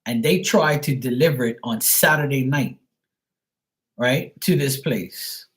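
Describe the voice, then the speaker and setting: This is a poorly recorded live-stream rant from a man from Bermuda, his medium-pitched voice unhurried. Exasperated and cursing frequently, he starts his sentences over again and again.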